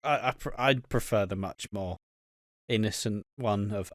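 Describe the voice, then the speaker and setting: Low, dry-voiced man recapping crudely. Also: a little slow, no room sound. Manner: swearing, laughing, rambling recaps. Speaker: podcast co-host. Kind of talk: casual crude podcast banter.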